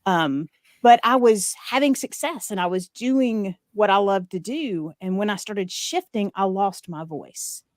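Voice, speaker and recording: Speaking at a middle pitch, this Southern-tinged woman is a podcast guest on a video call, cracking jokes and laughing a lot in relaxed interview chat. The recording is close and dry, with no trace of the room.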